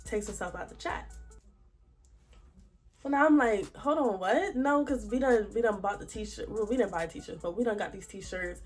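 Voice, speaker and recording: A woman's voice: mid-range voice, moderate pace, faint music behind. Chatty young woman telling a story. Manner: chatty, slangy, expressive. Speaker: vlogger. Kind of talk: storytime vlog.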